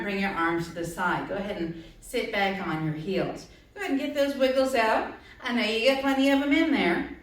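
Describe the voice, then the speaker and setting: Lady yoga teacher coaching kids, high voice, super echoey room, bit far from the mic. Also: fairly bright tone. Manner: encouraging, playful instructions. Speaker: yoga instructor. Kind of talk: guided kids' yoga class.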